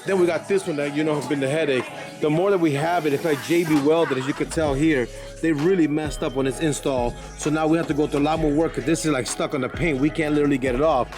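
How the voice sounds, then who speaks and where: A man from New York who owns a car audio shop, chatting casually in a vlog with loud, joking, slang-heavy banter. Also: fairly high pitch, fairly even intonation, quick pace, over music.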